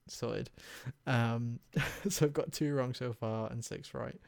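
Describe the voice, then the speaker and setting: A man's voice: mid-range voice, a little slow, vocal fry, darkish tone, dry recording. A young man chatting casually and self-mockingly, reciting song lyrics half-spoken as he guesses them. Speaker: video host. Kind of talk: casual chat.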